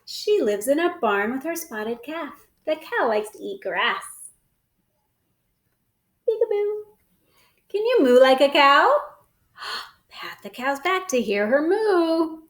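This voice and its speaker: A woman hosting storytime, reading a picture book aloud to children in an animated, coaxing way with gasps and exclamations. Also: high voice, slow, pauses often, reverberant. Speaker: storytime host.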